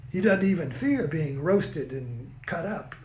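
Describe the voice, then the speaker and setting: A man's voice: a little high, animated, measured pace, slight background noise. A man voicing a fox and bear from a folk tale, gloating predators who plot to eat a rabbit, in a roomy space. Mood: scheming. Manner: gloating, scheming. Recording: roomy echo.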